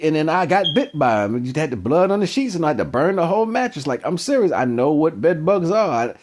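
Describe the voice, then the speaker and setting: A man hosting his own channel, telling a personal story in a casual, animated, slangy way that keeps circling back on itself. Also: on the high side. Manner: animated, slangy, repeats himself. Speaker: channel host.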